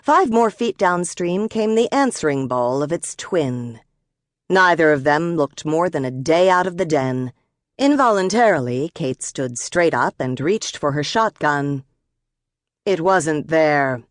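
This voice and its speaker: A woman narrating an audiobook in a measured, expressive storytelling manner, recorded close in a studio. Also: low voice, no echo.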